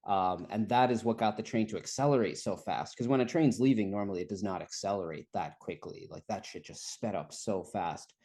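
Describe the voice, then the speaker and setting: A man's voice: lowish voice, a little fast, hardly any pauses, darkish tone. A young man telling a rambling travel story in casual chat, laughing often and swearing freely. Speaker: guest storyteller.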